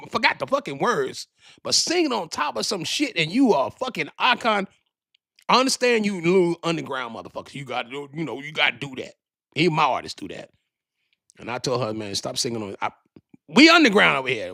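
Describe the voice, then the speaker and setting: A man's voice: fairly high pitch, very animated, quick pace, creaky, sharp tone, no room sound. A man hosting a podcast, ranting casually in a profane, rambling way, often restarting his sentences, into a studio microphone. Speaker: podcast host. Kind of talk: casual rant.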